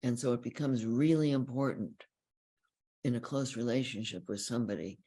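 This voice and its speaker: A woman counselor giving a calm, explanatory teaching talk about feelings, often repeating key phrases. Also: very deep voice, moderate pace, breathy edge. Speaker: relationship counselor.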